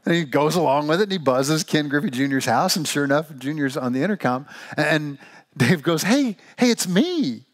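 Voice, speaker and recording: A man from Missouri preaching a sermon, telling a joke story with an animated, playful manner. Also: on the high side, fairly quick. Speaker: pastor.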